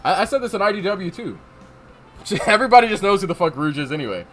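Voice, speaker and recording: A man's voice: high voice, sing-song, fast, a bit bright, faint music behind. A man playing a story game with a friend, joking, swearing and putting on character voices. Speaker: game player voicing characters. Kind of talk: casual game voice-acting playthrough.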